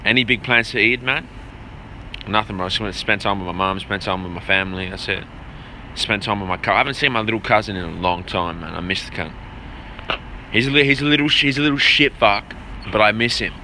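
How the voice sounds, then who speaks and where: A breathless man from Jordan talks loosely into a phone at arm's length, swearing freely and shouting out viewers by name as he rambles. His voice is sharp and very bright. Faint street noise hums behind him in the city. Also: fairly low pitch, fast talker. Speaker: vlogger answering live chat. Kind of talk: casual livestream chat. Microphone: phone held at arm's length.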